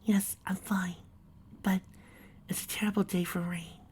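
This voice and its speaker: A woman's voice: mid-range voice, little pitch movement, unhurried, darkish tone, slightly rough, pitched above the performer's own voice. Woman doing a shaky timid pegasus mare. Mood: tearful. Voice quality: shaky, near whisper.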